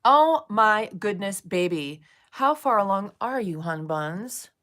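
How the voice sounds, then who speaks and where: Woman rambling on a livestream, swears a lot, then goes soft and soothing with chat. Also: medium pitch, animated, slow. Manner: chatty, swears freely, soothing with viewers. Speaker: live streamer chatting with viewers.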